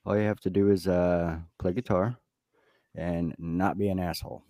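A man's voice: deep voice, fairly even intonation, moderate pace, mellow, no echo, studio quality. A man joking around as a podcast co-host, with crude humor. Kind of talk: casual chat.

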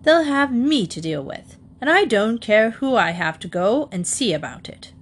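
A woman's voice: mid-range voice, sing-song, unhurried, breathy edge. A woman voicing a formidable, fiercely loyal older housekeeper who speaks sternly. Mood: defiant. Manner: stern, determined.

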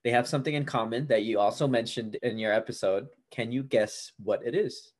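A man's voice: medium pitch, a little fast. A man co-hosting a podcast in casual chat, quizzing his friend and often laughing. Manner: giggly, teasing quizmaster. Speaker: podcast co-host.

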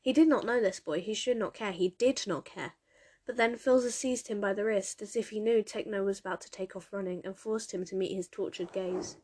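A woman narrating a dramatic story in a steady, measured reading. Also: medium pitch. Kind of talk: audiobook reading of fan fiction.

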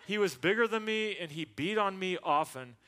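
A man preaching a sermon, telling a personal story and acting out the people in it in a lower voice. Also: normal speed, sharp tone. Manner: storytelling, acts out quotes in a lower voice. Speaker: pastor. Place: church.

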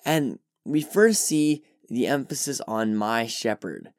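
A man's voice: mid-range voice, lively intonation, slow, no room sound, clean studio sound. A man hosting a Bible teaching podcast, talking earnestly and with emphasis as he works through a passage. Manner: earnest and emphatic, voices quoted reactions with animation. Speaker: podcast host teaching scripture.

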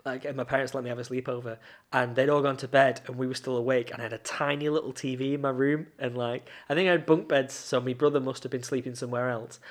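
A man's voice: mid-range voice, fairly even intonation, fast talker. A man, co-hosting a podcast and telling long rambling anecdotes in casual chat, laughing often. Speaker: podcast co-host.

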